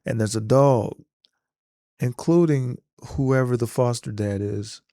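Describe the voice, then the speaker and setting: A man casually retelling a movie scene in an animated, slangy storytelling manner. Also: medium pitch, slow pace, no room sound, studio quality. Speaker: vlogger.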